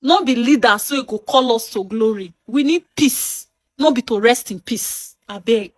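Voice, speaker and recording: A woman's voice: a little high, moderate pace, no echo. A Nigerian woman with Pidgin-inflected speech, urging and pleading in a video message.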